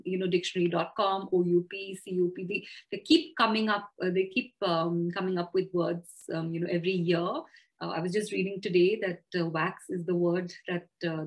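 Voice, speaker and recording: A woman's voice: on the low side, low-quality recording. A woman with an Indian English accent, a communication trainer giving practical advice in an interview, thoughtful and full of fillers and self-corrections.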